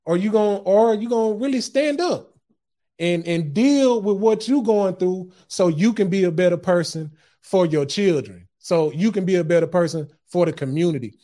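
A man's voice: high voice, normal speed, dark tone. A man hosting his own show, giving an impassioned motivational sermon in casual street slang, speaking straight to his listeners and often repeating words as he starts a thought. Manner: addresses listeners directly as guys and family. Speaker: podcast host. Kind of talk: motivational sermon-style talk.

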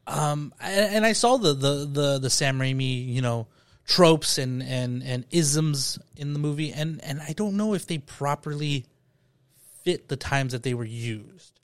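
A man's voice: a little high, measured pace, dry recording. A man hosting a casual podcast chat about a movie, rambling and repeating words while he gathers his thoughts. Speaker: podcast host.

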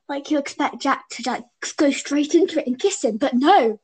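Her voice is high and animated, moving at a moderate pace with few pauses. She's a young woman co-hosting a podcast, giggling and rambling through casual fan chat on a call, chaining ideas together with "and then."

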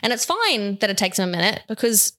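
A woman's voice: medium pitch, big pitch swings, fairly quick, bright, forceful tone. A young woman chatting as a podcast host, speaking openly and from the heart and laughing often. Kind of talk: casual podcast chat.

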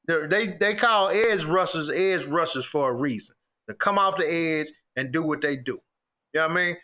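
A man's voice: fairly high pitch, moderate pace, sharp tone. A man co-hosting a podcast, talking football in a laid-back, insistent way and saying "man" a lot. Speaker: podcast co-host. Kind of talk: casual sports debate.

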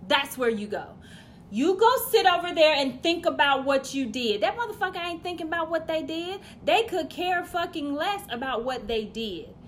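A woman doing a stand-up routine, brash and profane, with loud exasperated outbursts. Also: high-pitched, slight background noise. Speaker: stand-up comedian.

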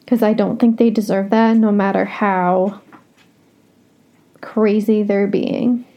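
A woman's voice: mid-range voice, flat delivery, slow, highs cut off. A young woman hosting a solo podcast, talking casually and bluntly, swearing freely as she vents. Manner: blunt, frank and swears a lot. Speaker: podcast host.

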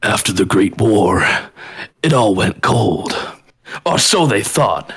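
A man putting on an epic movie trailer narrator voice, deep and dramatic. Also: animated, slow pace, fairly bright tone, breathy edge, heavily acted. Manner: deep dramatic announcer delivery.

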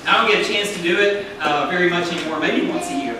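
A male pastor preaches to his congregation in a church sanctuary, his preaching cadence drawing responses from the room. His high voice comes fast, picked up from a distance in an echoey hall with a noisy background.

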